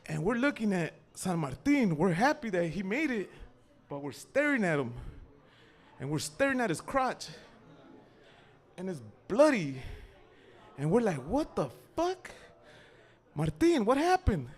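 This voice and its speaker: A young man telling a profane comic story at an open mic, acting out voices and shouting. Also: high voice, very animated, a little slow, pauses often. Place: small cafe open mic stage.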